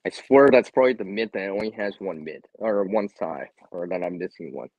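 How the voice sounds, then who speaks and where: A man's voice: sits low, a little fast, darkish tone, no room sound, poor audio. A man hosting a casual live stream from home, chatty, laughing often and repeating words. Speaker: livestream host.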